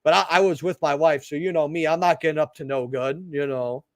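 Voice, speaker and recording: Here the card-opening channel host, a young man with a fairly high pitch, keeps a steady tone and talks fairly quickly on a dry recording. He's casually chatting through a meandering story about work, full of tangents and tag questions like "right?"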